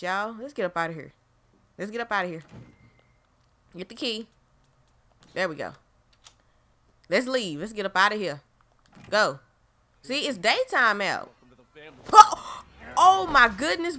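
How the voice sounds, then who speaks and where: A woman narrates her own horror game run into a desk microphone, jumpy and full of exclamations. Her tone is bright and sharp, and she keeps turning to address her viewers directly. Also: medium pitch. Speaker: gaming channel host. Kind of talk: horror game let's play commentary.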